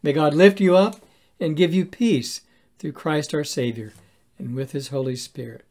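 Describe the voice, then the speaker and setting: An earnest pastor delivers a devotional sermon at a steady, measured pace. The voice sits at an ordinary middle pitch, and the pastor leans on rhetorical questions to draw the listener in.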